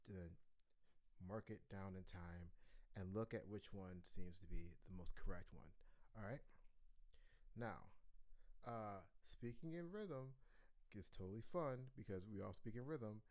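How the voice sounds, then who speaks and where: A man teaching an online music lesson in a playful, animated way, chanting rhythms aloud. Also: lowish voice, measured pace, long pauses.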